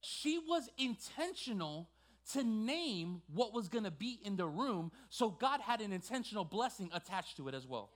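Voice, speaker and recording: A male pastor preaching a sermon with passion, swinging from quiet asides to loud, emphatic exhortation. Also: sits high, very animated, normal speed, few pauses.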